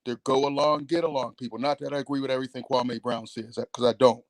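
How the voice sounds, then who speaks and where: A man's voice: medium pitch, steady tone, fast, dry recording. Heated profane male caller. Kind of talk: call-in radio rant.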